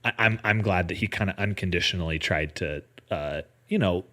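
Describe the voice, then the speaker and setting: Man, podcast guest, lower voice, casual, reflective, hesitant restarts. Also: fairly quick, sharp tone. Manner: reflective, many fillers and restarts, laughs lightly. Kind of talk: casual conversation.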